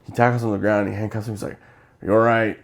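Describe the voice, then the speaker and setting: A young man with a somewhat low voice co-hosts a casual movie review chat. He retells scenes with animated energy, slipping into the characters' lines as he goes. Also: racing, creaky. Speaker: podcast co-host.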